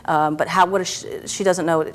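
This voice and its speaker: Gentle woman guiding a therapy session. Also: lowish voice, fairly even intonation, normal speed, a little hiss or hum. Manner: gentle, coaxing questions with frequent "okay". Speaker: EFT practitioner.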